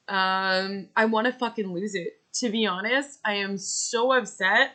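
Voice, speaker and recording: A woman's voice: medium pitch, pushed and bright. A woman in her thirties with older children, ranting angrily to camera about losing her home, swearing often and venting in bursts. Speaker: vlogger. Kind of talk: angry personal rant to camera.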